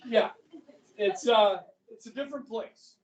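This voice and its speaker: A male history teacher lectures his class casually in a high, unhurried voice, often checking in by saying "okay." The recording is muffled, captured by a far mic in an echoey classroom.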